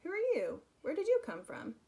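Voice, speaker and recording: Small mouse boy, high and eager, earnest storybook child, played by a woman. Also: wildly swooping pitch, normal speed, mellow, full character voice.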